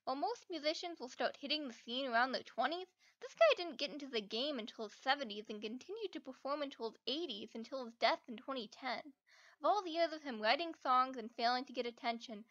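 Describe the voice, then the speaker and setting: A woman's voice: high voice, lively intonation, brisk, fairly bright tone, muffled recording. A woman narrating a documentary video in an earnest, enthusiastic scripted voice-over.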